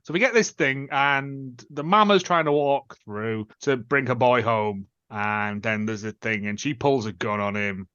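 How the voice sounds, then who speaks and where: A man's voice: medium pitch, unhurried, few pauses, smooth, no echo. A man hosting a podcast, retelling a bad film in a sarcastic, joking way. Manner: sarcastic, jokey, animated storytelling. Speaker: podcast host. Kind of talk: casual film review chat. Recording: dull lo-fi sound, dry.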